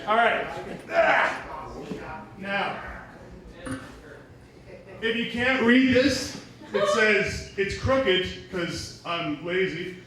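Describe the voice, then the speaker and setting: A man with a high voice does a profane, rambling, self-mocking stand-up set indoors at a small bar, speaking extremely slowly with frequent pauses and a sharp tone. It's recorded from far off in an echoey room, with audience noise.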